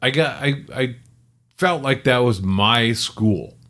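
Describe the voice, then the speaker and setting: A man's voice: medium pitch, animated, slow, a bit bright. A middle-aged man co-hosting a casual chat, rambling and correcting himself, with the odd joke. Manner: rambling, self-correcting, joking. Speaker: podcast co-host.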